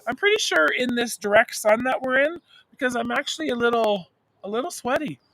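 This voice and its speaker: A man's voice: very high voice, animated, fairly quick, bright, forceful tone, rough recording. A man co-hosting a casual livestream chat outdoors, teasing his partner and reading out viewer comments. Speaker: co-host. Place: outdoors in direct sun.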